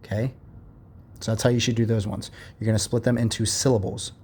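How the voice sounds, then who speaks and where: A man's voice: on the low side, little pitch movement, a little fast, a little mellow, husky. A young male teacher walking children through a worksheet in a recorded remote lesson, patient and step by step, with many checks like "all right" and "okay".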